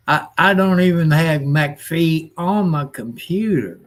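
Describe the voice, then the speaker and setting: Slow-talking folksy older man. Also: on the high side, animated. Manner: folksy, rambling, grumbling, with rural nonstandard grammar. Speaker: livestream host. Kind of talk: rambling casual live-stream chat.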